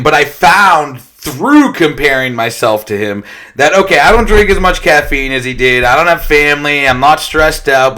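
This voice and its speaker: Blunt, swearing young man, bright voice. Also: fairly high pitch. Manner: swears constantly, blunt and conversational. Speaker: detox center worker sharing his recovery story. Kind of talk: casual storytelling.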